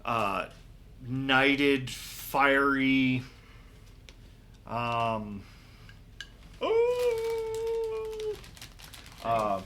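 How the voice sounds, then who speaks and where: A man running a tabletop game as game master, narrating loosely with frequent pauses. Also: mid-range voice, sharp tone, slight background noise.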